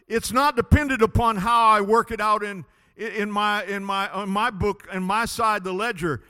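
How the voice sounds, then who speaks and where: A man preaching a sermon as pastor, impassioned, swinging between loud declarations and hushed pleading. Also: sits high, fairly even intonation, normal speed, hardly any pauses, smooth, big-room sound.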